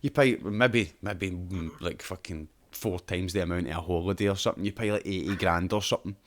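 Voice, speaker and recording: A man's voice: low voice, brisk. A Scottish man hosting a podcast, chatting casually, explaining at length with plenty of swearing and laughter. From Scotland. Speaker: podcast host. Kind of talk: casual chat.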